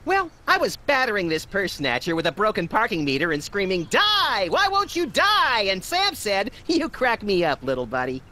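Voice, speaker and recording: A manic, boastful cartoon rabbit. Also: male voice, sits high, a little fast, few pauses, heavily acted. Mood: smug. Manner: smug, boastful, deadpan wisecracks. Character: manic egotistical cartoon rabbit, small and unhinged.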